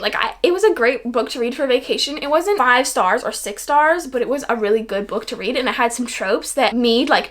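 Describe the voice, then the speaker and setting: A woman's voice: fairly high pitch, a bit bright. A young woman chatting casually about romance books she loved, gushing and peppering her talk with "like" and the odd swear word. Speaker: book reviewer. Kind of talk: casual book review vlog.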